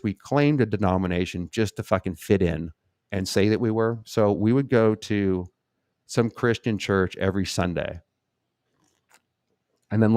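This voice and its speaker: Low-voiced blunt man hosting a live chat. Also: dry recording, clean studio sound. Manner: blunt, rambling and profane. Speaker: host answering viewer questions on a live stream.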